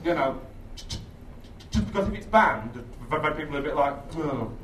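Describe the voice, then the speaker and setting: A man doing a rambling, sweary, self-mocking stand-up set on a theatre stage, with bursts of shrill shouted impressions. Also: expressive, fairly quick. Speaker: stand-up comedian. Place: theatre stage with a laughing audience. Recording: echoey live room, distant, audience noise.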